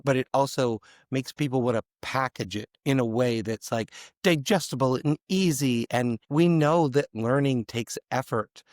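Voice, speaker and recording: Guy w a bit of a raspy voice, talking slow and careful on a podcast, dry mic. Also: mid-range voice, a little mellow, no echo. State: slightly raspy voice. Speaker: guest, educator. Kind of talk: conversational interview.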